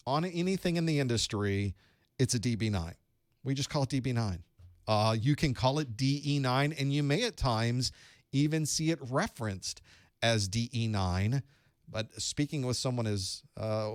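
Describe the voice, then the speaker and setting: A man's voice: medium pitch, no echo, clean studio sound. A man giving a live study-group lesson, explaining casually with fillers and asides to his chat. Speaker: online course instructor.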